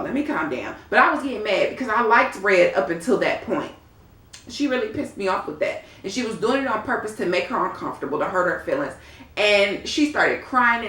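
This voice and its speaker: Sassy woman reviewing reality TV, roomy. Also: mid-range voice. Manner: animated, sassy, addresses viewers as y'all. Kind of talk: casual episode review vlog. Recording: roomy echo.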